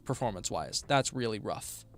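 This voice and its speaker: A man's voice: fairly low pitch, animated, normal speed, soft background music. A tired man chatting casually on a live stream while building a game, often mumbling to himself.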